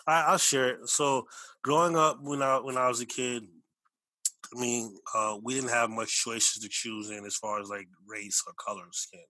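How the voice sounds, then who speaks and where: A man's voice: mid-range voice, steady tone, normal speed, bright, forceful tone, no echo, low-quality recording. A man from the United States talking in a casual conversation, rambling, restarting, then repeating his points with emphasis.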